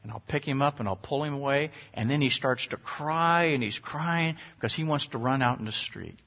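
A man's voice: medium pitch, normal speed. A middle-aged man preaching a sermon, earnest and conversational, sometimes rising sharply for emphasis. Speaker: pastor. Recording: dull lo-fi recording.

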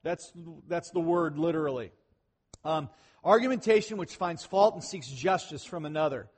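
High-voiced man preaching a sermon. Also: expressive, normal speed, breathy edge. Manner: conversational, swings between loud emphasis and quiet asides. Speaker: pastor.

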